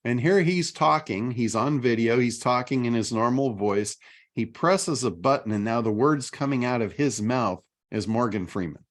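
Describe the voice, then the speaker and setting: A middle-aged man chats casually as host of a talk show, his pitch sitting right in the middle range for a man. He tells stories with animated energy, slipping quoted lines into his talk. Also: normal speed. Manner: animated storytelling. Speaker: podcast host. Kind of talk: casual chat.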